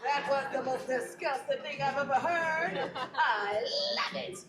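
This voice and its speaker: Sassy high-voiced female show host. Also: measured pace, roomy sound, noisy background. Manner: playful, sassy, laughing crowd banter. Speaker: theme park show host. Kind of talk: live park pre-show hosting to a crowd. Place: outdoor theme park stage.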